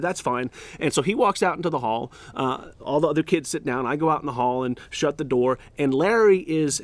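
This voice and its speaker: A man hosting a podcast, telling a story in an animated way with many fillers and restarts. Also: a little high. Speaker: podcast host. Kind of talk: storytelling monologue.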